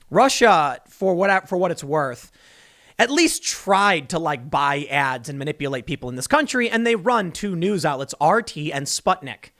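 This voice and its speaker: A man riffs through a casual commentary vlog in a sarcastic, rambling way. His voice sits high and bright, and it bounces animatedly up and down. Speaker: commentary host.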